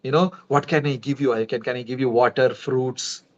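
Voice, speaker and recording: A man's voice: medium pitch, fairly even intonation, brisk, close to an everyday voice. A man voicing a gracious, polite queen who speaks courteously and pleads. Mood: welcoming. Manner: courteous, pleading, then warning. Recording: dull lo-fi livestream audio.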